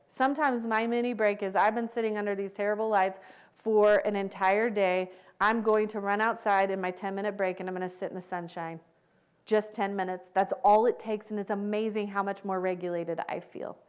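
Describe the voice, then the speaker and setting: A woman's voice: medium pitch, clear, resonant tone. A middle-aged woman, a social worker, giving a candid conference presentation and laughing often. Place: conference hall.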